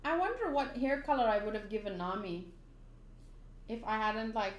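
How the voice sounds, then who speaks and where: A woman's voice: mid-range voice, normal speed. A woman reading a manga aloud in a casual, playful, giggly way. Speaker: manga reader. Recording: roomy echo.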